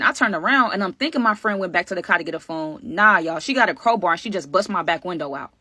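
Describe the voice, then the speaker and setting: A woman rattles through a dramatic storytime at a quick clip, speaking straight to her viewers in loose slang and slipping into the voices of the people in the story. Her voice sits at an ordinary middle pitch, and the recording is close and dry with no room sound. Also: slightly rough, no room sound. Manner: animated, slangy, talks straight to viewers as y'all; acts out other people's lines mid-story. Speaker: vlogger telling a storytime. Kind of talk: casual storytime vlog.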